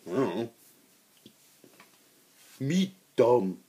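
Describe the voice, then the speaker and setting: A man's voice: medium pitch, very animated, very slow, dark tone. A man voicing a dim-witted male orc warrior who speaks in short, simple, pleading phrases.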